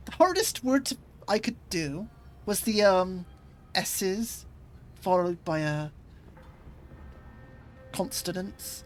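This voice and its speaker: A woman's voice: on the low side, lively intonation, slow, long pauses, faint music behind, low-quality recording. A woman from Bristol with a Bristolian accent, streaming a game with playful, self-mocking casual chat. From England. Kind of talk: casual gaming commentary.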